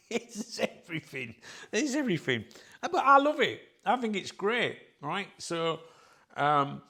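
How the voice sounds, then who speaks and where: Gravelly man in casual chat. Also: fairly high pitch, fairly bright tone. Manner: rambling, many fillers and restarts. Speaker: channel host.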